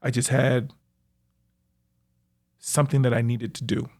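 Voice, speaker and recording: A young man, a professional athlete, reflectively recounting his own life story in a halting way, with frequent fillers. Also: medium pitch, little pitch movement, creaky, darkish tone. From United States. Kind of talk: personal storytelling.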